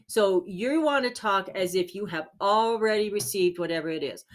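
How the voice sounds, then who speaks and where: A woman hosting a spiritual healing channel, talking earnestly and encouragingly straight to her viewers, sometimes pausing to search for a word. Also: mid-range voice. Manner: searches for words aloud with fillers. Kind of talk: casual self-help talk.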